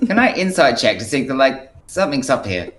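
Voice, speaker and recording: A man's voice: medium pitch, big pitch swings, a little fast, fairly bright tone, reverberant. A man playing a tabletop game, talking in a wry, playful way. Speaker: player. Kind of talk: casual tabletop role-play.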